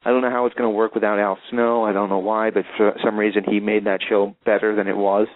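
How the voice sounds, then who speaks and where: A man's voice: on the low side, little pitch movement, quick pace, no echo. A man hosting a wrestling talk show, chatting casually and rambling with restarts. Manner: rambling, restarts with filler words. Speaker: radio show host. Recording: tinny phone-line sound.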